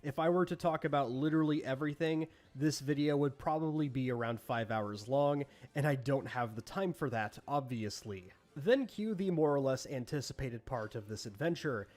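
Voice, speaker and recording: A man's voice: medium pitch, normal speed, darkish tone. A man narrating an online drama commentary in a sarcastic, mocking tone.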